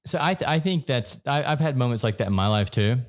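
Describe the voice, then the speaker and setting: A man's voice: medium pitch, expressive. Curious male podcast host. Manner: curious, quick follow-up questions. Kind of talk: casual interview chat.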